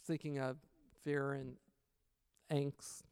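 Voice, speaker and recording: Man, smooth dry voice, chatty storyteller quoting conversations. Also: mid-range voice, flat delivery, slow, darkish tone, no echo. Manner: chatty, retells scenes with quoted dialogue, faith-based reflection. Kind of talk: casual personal storytelling.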